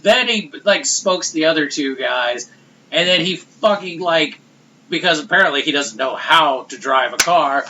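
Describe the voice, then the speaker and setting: A man's voice: fairly high pitch, expressive, measured pace, sharp tone, highs cut off, slight background noise. A man co-hosting a podcast, mocking a movie with lots of fillers and laughter. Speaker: podcast co-host. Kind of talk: casual movie review chat.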